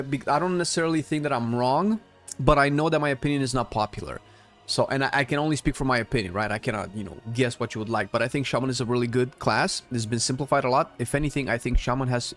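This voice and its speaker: A man streaming a game, chatting casually with viewers and giving blunt opinions while thinking aloud with frequent restarts. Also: mid-range voice. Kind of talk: casual live-stream commentary answering chat.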